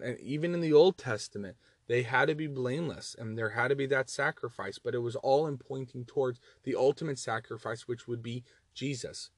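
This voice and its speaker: This Southern-accented man teaches from the Bible with earnest animation, frequently repeating words for emphasis as he reads verses. The recording is dry and studio-clean, carrying his mid-range voice.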